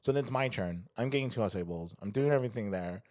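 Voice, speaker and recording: A man with a fairly low voice tells a story at a rapid clip. He acts out each person's lines and swears freely, like a co-host chatting with friends. The sound is close and dry. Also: a little mellow, no room sound. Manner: rapid anecdote-telling, acting out quoted people, frequent swearing. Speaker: podcast co-host. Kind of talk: casual chat, storytelling.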